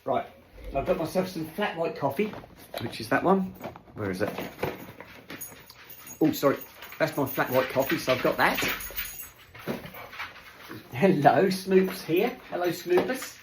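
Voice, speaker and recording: A man's voice: on the high side, lively intonation, normal speed, pauses often, echoey room, background noise. A man chatting casually on his home vlog as he unpacks groceries in his kitchen, rambling along and talking to his dogs. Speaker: vlogger. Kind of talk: casual chat.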